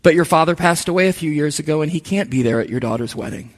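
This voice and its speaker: A middle-aged pastor preaches earnestly to his church at a quick pace, his voice fairly high. He acts out the voices he quotes, and the sanctuary's hall gives the recording a strong reverb.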